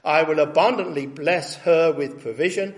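A man preaching an expository sermon, reading scripture aloud with rising emphasis and stressing key words slowly. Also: fairly high pitch. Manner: reads scripture aloud with rising emphasis, then comments plainly.

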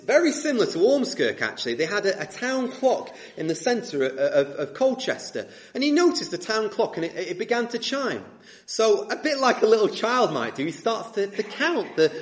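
A male preacher delivering a sermon through storytelling. His voice is somewhat high and swings widely in pitch as he tells the tale with animation. He makes an earnest appeal to his listeners.

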